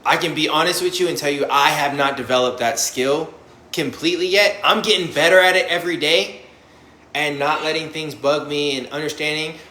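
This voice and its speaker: A man's voice: fairly high pitch, steady tone, brisk, pushed and bright, reverberant. A young man talking candidly and bluntly about life after prison, swearing often and acting out his own past reactions. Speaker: formerly incarcerated guest on a live panel. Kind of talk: candid conversational storytelling.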